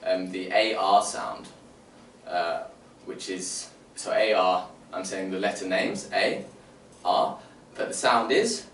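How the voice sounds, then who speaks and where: A man's voice: low-pitched, takes it slowly, fairly bright tone. A man presenting phonics teaching to other teachers, sounding out letters and explaining step by step. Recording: roomy, distant mic, faint room noise.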